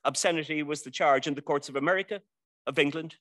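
A man's voice: a little high, quick pace, fairly bright tone, no room sound. A man with an Irish accent, a university teacher, giving a prepared persuasive speech at an indoor library event, wry and rhetorical, with dry jokes and long lists. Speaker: debate speaker championing a classic novel.

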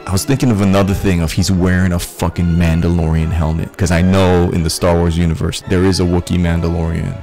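A man ranting in a casual, profane, rambling way that builds to excited shouting. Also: deep voice, quick pace, few pauses, soft background music. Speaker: vlogger.

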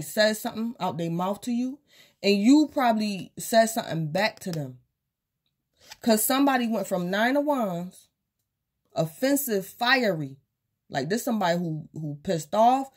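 A woman's voice: medium pitch, animated, moderate pace. A woman casually giving a tarot reading, speaking straight to the viewer and acting out quotes from imagined people. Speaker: tarot reader.

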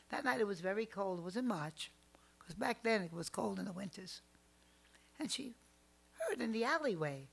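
An older woman telling family stories as a podcast guest, animated, swinging between loud outbursts and hushed asides. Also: mid-range voice, normal speed, gravelly, pauses often, breathy edge. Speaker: psychic guest. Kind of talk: storytelling in a podcast interview.

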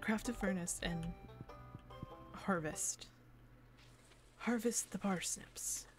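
With game music behind her, a woman streamer keeps up a chatty running commentary to herself, describing each step of the farming game she's playing. She speaks slowly in a mid-range voice.

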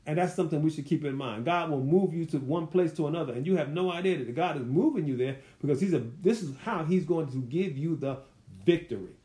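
A man with a high-pitched voice takes his listeners verse by verse through a Bible study. He talks in a loose, colloquial way and keeps putting rhetorical questions to them. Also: fast talker, warm tone. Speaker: Bible teacher.

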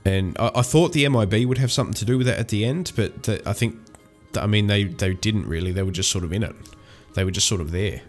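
A man's voice: on the low side, fast talker, hardly any pauses, soft background music. A young man chatting casually while playing a video game, rambling with many fillers and restarts. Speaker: gaming channel host. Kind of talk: casual let's-play commentary.

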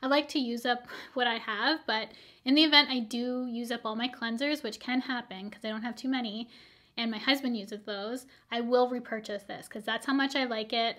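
A woman beauty vlogger reviewing used-up products in a chatty, upbeat way, her voice a little hoarse from filming all day. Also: on the high side, a bit bright. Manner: chatty, upbeat, rambling asides. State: slightly hoarse, losing her voice.

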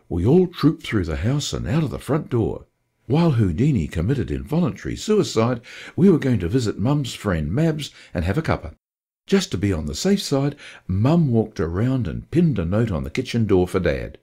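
A man reading a short story for a radio broadcast, expressive in his storytelling. His voice is somewhat low and husky, and it moves through a very wide, animated pitch range. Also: normal speed. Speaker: story reader and radio presenter.

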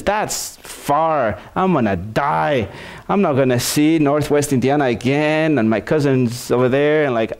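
A male pastor preaching a sermon, telling a story in an animated way with many restarts and repeated words. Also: mid-range voice.

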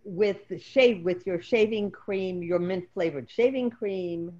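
A woman's voice: medium pitch, measured pace, darkish tone, highs cut off. Woman in a class reading lines out and translating them, kinda tentative. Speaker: student. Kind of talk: casual group lesson.

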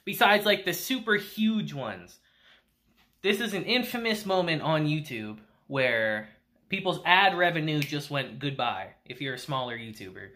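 A woman's voice: sits low, lively intonation, measured pace, fairly bright tone. A woman casually recapping an anime episode, laughing often and using slang and profanity. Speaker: anime reviewer.

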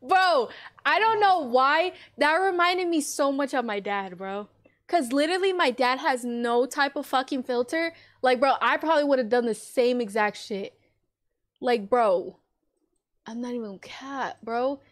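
A woman's voice: sits high, moderate pace. A young woman doing blunt, slangy reaction commentary on a video. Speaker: reaction vlogger.

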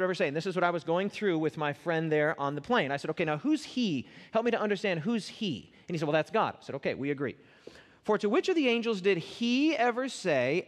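A man preaching a sermon, emphatic and quizzing his audience with repeated questions. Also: high voice. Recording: reverberant hall.

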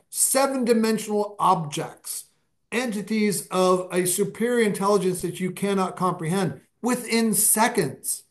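Guy with a pretty high voice rambling through stories on a podcast, lively, speeds up then slows down. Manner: animated, anecdotal, speeds up and slows down. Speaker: podcast guest. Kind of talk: casual interview storytelling.

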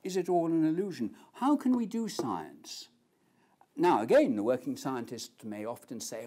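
A man's voice: fairly high pitch, very animated, normal speed, mellow. A man giving an academic lecture on philosophy, telling stories and acting out the quoted voices.

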